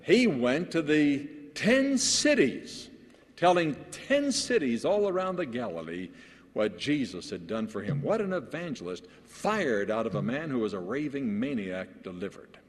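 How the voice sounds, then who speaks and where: A man who is a pastor, preaching a sermon to other pastors in a lively storytelling way, with frequent restarts. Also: mid-range voice, measured pace. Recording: long hall reverb.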